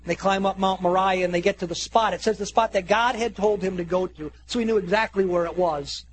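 A pastor telling a story in a sermon, dramatic, and slowing down to stress repeated phrases. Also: male voice, high voice, low-quality recording. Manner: dramatic retelling, slows down for emphatic repeated phrases.

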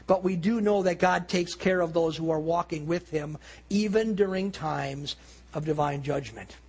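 A man preaching earnestly, slowing down and dropping low and quiet at solemn points. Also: slightly rough. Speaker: pastor. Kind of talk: sermon.

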